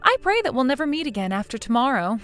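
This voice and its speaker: A woman's voice: sits high, sing-song, quick pace. Woman voicing a sarcastic young wife. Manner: sarcastic, quietly mocking. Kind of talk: scripted text-message drama reading.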